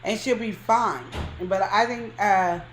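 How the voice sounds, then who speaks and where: A woman's voice: medium pitch, slow, echoey room, faint music behind, rough recording. A woman co-hosting a podcast, giving emphatic, colloquial relationship advice in casual chat. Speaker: podcast co-host.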